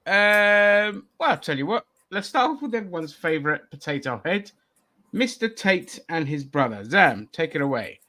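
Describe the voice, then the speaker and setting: A man hosting a casual podcast chat, brash and sweary, swinging between loud bursts and mumbles. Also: on the high side, sing-song, moderate pace. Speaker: podcast host.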